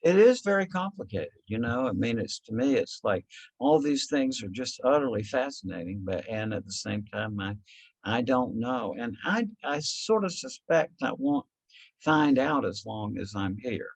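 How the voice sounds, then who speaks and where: Keynote speaker, male, husky, animated pitch, rambling and hesitant, dry video-call sound. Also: moderate pace, no echo, poor audio. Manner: rambling, musing, many hesitations. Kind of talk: conference Q&A over video call.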